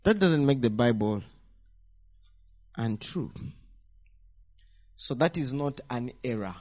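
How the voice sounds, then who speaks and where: A man preaching a teaching sermon, animated and firing rhetorical questions at the congregation. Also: mid-range voice, slow pace. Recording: dull lo-fi sound.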